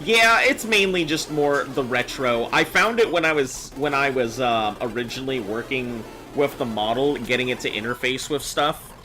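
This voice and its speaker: A man's voice: mid-range voice, moderate pace, few pauses, bright, forceful tone, a little hiss or hum. A man streaming live, chatting casually with viewers, reading chat messages aloud and joking as he goes.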